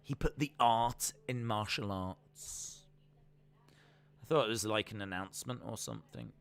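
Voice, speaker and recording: A man's voice: fairly low pitch, unhurried, creaky, fairly bright tone, clean tone. A man chatting casually on a live reaction stream, repeating himself often as he talks. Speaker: streamer hosting a watch-along.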